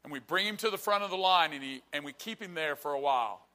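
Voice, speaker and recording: Bright-voiced earnest preacher man. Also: on the high side, expressive, quick pace. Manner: earnest storytelling, repeats phrases for emphasis. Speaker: pastor. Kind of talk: sermon.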